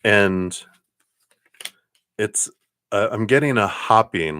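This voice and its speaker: A man's voice: lowish voice, takes it slowly, pauses often, a bit bright, dry recording. A man giving live-stream tarot readings, talking reassuringly and directly to the viewer with frequent chuckles. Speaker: tarot card reader.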